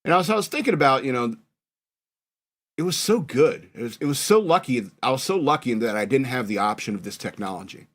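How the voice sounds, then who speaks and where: Speaking quickly and expressively at a medium pitch, a man in his forties recalls his younger days on his podcast. He's from northern New York, and the chat is loose and rambling, full of self-mockery.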